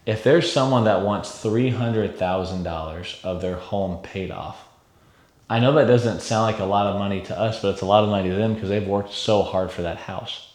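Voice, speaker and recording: Low-voiced man coaching in an echoey room. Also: moderate pace. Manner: energetic, coaching, frequent "okay?" check-ins. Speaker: insurance sales coach. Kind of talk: sales training lesson.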